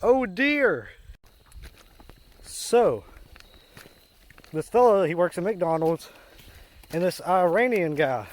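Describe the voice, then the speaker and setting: Slow-talking man telling puns outdoors. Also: high-pitched. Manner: rambling, deadpan punchlines. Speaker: comedian. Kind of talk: casual joke-telling on a walk. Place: outdoors on a rural walk.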